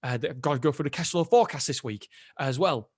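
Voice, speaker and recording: A man's voice: fairly high pitch, fast talker, husky, dry recording, studio quality. Rambling man hosting a solo podcast. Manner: rambling, candid, self-interrupting with frequent restarts. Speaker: podcast host. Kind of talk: solo casual podcast monologue.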